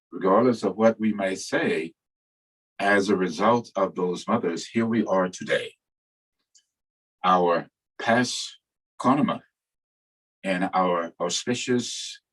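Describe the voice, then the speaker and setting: Husky older man giving a dharma talk. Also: low-pitched, slow, pauses often, rough recording. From New York. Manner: reflective, storytelling, gentle humor. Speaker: Buddhist teacher.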